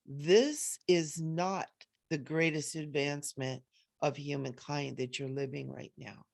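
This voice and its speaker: A benevolent archangel speaks through a woman in a spiritual channeling session. The delivery is slow, solemn and soothing, with a slightly gravelly texture. The sound is close and dry. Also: deep voice, steady tone, a little mellow, no echo, exaggerated voice. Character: benevolent male archangel offering help and blessings.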